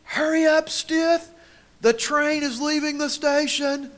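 A man doing a yelling drill-sergeant track coach. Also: very high voice, steady tone, slow, pitched above the performer's own voice, exaggerated voice. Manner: shouting, barking orders. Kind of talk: acted quote in a sermon story.

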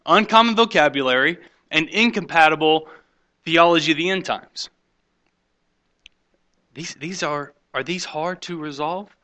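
A man preaching a sermon in a bright, forceful voice that sits a little high. He swings between loud emphatic points and hushed asides, and slips into mocking voices to quote the skeptics. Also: unhurried, long pauses. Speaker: pastor.

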